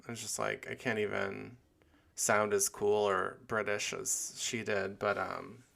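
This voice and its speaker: A man's voice: on the low side, level tone, a little slow, vocal fry, fairly bright tone. A man hosting a casual solo podcast, rambling with many fillers and restarts. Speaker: podcast host.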